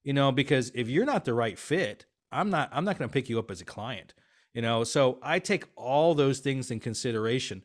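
A man's voice: mid-range voice, normal speed. Chatty man with lots of fillers. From half Swiss, half Filipino family. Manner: animated storyteller, many fillers and restarts. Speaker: guest, business consultant. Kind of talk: casual interview talk.

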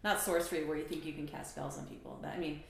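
A woman hosting an interview in a relaxed, encouraging way. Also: low voice, fast talker, gravelly. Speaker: host. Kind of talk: casual interview. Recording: very echoey room.

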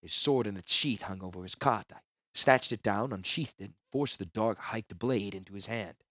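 A man narrating a first-person fantasy novel in a measured, earnest way. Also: on the low side, a bit bright, no echo, clean studio sound. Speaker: audiobook narrator.

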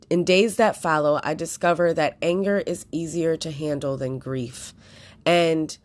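A young woman hosting a podcast, talking earnestly through a personal reflection with frequent fillers and restarts. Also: sits low. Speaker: podcast host.

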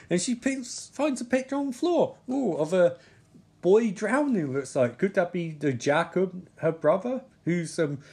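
Guy, slightly higher voice, rambling TV recap, sweary and dry, keeps losing names. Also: darkish tone. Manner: rambling, sweary, sarcastic asides, forgets names. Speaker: TV episode reviewer. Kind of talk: casual live-watch commentary.

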